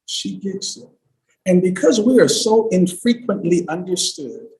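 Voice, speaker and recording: A man giving an emphatic livestream talk as a storytelling coach, swinging from loud bursts to hushed asides. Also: high voice, reverberant, low-quality recording.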